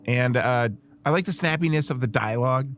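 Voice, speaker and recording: A man's voice: medium pitch, brisk. A man co-hosting a film podcast, chatting casually in a rambling, hesitant way and often correcting himself. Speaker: podcast co-host. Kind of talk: casual film-review chat.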